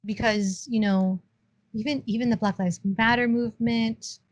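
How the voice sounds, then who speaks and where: A woman's voice: a little high, fairly even intonation, normal speed, no echo. A woman co-hosting a podcast in casual chat, chatty and self-teasing. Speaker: podcast co-host.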